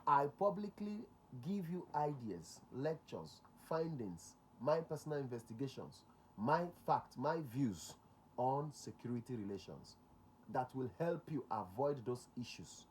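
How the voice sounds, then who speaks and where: Nigerian male host, mid-pitched voice, drives points home with repetition and Pidgin asides. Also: big pitch swings, unhurried, a little mellow, a little hiss or hum. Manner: emphatic, repeats key points, slips into Pidgin. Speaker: security relations consultant, show host. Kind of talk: talk show monologue.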